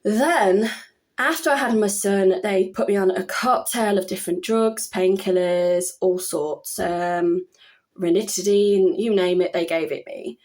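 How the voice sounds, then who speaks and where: A woman's voice: mid-range voice, measured pace, darkish tone. A woman in her thirties talking casually at home about her own experience, rambling and chatty with many fillers and restarts. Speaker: vlogger. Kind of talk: casual personal talk to camera.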